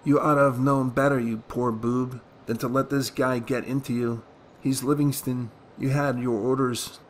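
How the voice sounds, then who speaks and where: A man voicing a pushy bucket-shop agent who snarls threats and then turns fussed and pleading, in a flat, even reading voice. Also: mid-range voice, measured pace, a little hiss or hum, close to an everyday voice. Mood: snarling.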